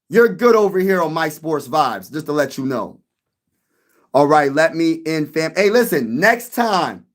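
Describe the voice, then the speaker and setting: A man hosting a casual sports live stream, chatting with viewers in an animated way and often repeating himself. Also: on the high side. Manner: animated, repeats himself, addresses chat directly.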